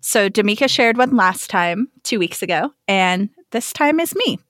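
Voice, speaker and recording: A woman co-hosting a podcast in casual chat, relaxed and modest as she starts a story. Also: medium pitch, normal speed, no room sound, studio quality. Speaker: podcast co-host.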